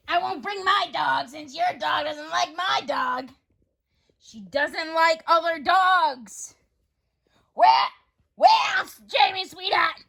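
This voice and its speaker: A woman voicing a brash, rude woman neighbor who yells, in an amateur role-play video. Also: very high-pitched, gravelly, full character voice. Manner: loud, yelling, rude. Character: brash shrill woman neighbor, dog owner, smoker.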